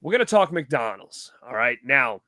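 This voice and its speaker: A man in his thirties hosting a casual podcast chat, telling stories with lively acted-out quotes. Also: medium pitch, normal speed, no echo, studio quality. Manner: animated storytelling, acts out quotes. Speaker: podcast host.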